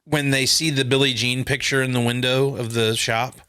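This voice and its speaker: A man's voice: medium pitch, little pitch movement, normal speed, pushed and bright, smooth, dry recording, studio quality. Blunt, profane man on a podcast. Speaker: podcast host. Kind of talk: casual movie review chat.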